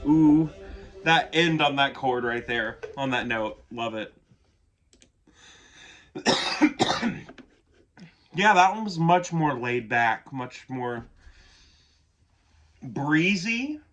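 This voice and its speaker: A man's voice: mid-range voice, expressive, drawn-out words, pauses often, fairly bright tone. A man giving casual reaction commentary on an album, gushing and chatty, who swears casually and keeps yawning. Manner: yawns often. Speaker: music reaction youtuber.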